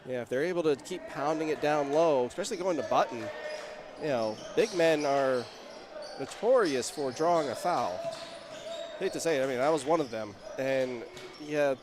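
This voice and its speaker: A man calling a local high school basketball game play-by-play, chatty and getting louder on big plays. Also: lively intonation, moderate pace. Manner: chatty, rises in pitch and volume on big plays. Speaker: play-by-play announcer. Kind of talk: play-by-play commentary.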